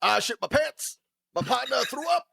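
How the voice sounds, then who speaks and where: A man's voice: very high-pitched, expressive, moderate pace, vocal fry, sharp tone, husky, dry recording, studio quality, pitched above the performer's own voice, exaggerated voice. A man voicing an older male driver, a boastful and crude former dealer, talking with a brash chuckle.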